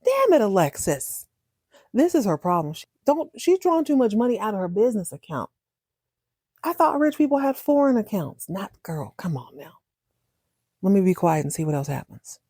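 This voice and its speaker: A woman chatting casually as a podcast host, animated and acting out lines in different voices. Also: mid-range voice, fairly quick, slightly rough, no room sound, clean studio sound. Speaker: podcast host recapping a TV drama. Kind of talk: casual chat.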